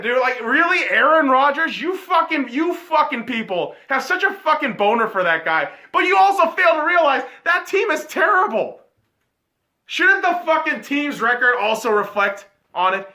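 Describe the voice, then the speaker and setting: High, bright-voiced man ranting profanely. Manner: swears constantly, ranting and yelling. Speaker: podcast host. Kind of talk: profane sports rant.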